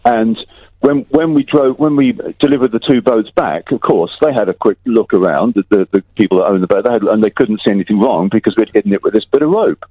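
A man's voice: lowish voice, a little fast, breathy edge, no echo. A man calling in to a radio show, telling a rambling story casually with many restarts. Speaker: caller. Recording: tinny phone line.

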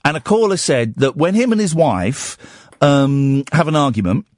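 A man hosts a late-night radio phone-in, his voice sitting high and swinging widely as he teases and needles callers. The sound is close and dry on a studio microphone. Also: normal speed, dry recording. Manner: animated, teasing and sarcastic. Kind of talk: casual phone-in banter.

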